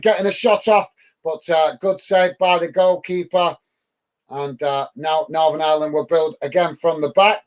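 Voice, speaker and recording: A British man with a high-pitched voice hosts a live football watch-along, calling the match and chatting casually with viewers, with frequent ums and uhs.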